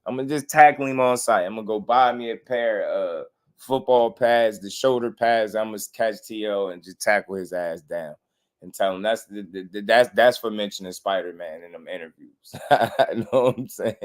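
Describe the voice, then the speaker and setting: A young man hosting a casual boxing livestream, animated and slangy, laughing often and mimicking people. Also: lowish voice, moderate pace. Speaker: boxing commentary host.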